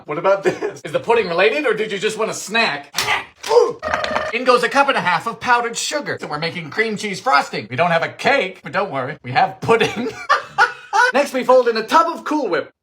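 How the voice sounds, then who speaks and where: A man's voice: bright, forceful tone, a little hiss or hum. Theatrical man hosting a cooking show. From Bermuda. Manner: theatrical, wry asides, sudden swoops into high exclamations. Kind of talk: comedic recipe narration.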